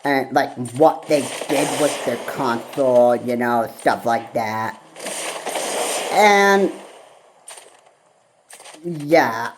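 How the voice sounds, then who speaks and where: A woman vlogger in a rambling solo rant, halting and repetitive, with frequent pauses and fillers. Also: rumbling low, noisy background.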